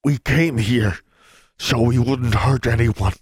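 A man's voice: medium pitch, takes it slowly, breathy edge, no room sound, clean studio sound, pitched above the performer's own voice. A man reading aloud, voicing a sweating man in agony who forces out his words while panting. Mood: pained, panting. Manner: panting, strained. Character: sweating man in pain, turning beast.

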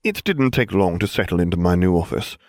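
A man's voice: low-pitched, big pitch swings, fairly quick, dry recording. A man narrating a story in a dry, wry manner for an audiobook.

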